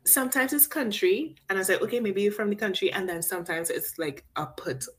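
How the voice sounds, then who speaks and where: A woman's voice: mid-range voice, animated, fast talker, a bit bright, breathy edge. A woman co-hosting a casual reality-show recap, blunt and slangy, often trailing off into fillers. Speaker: podcast co-host.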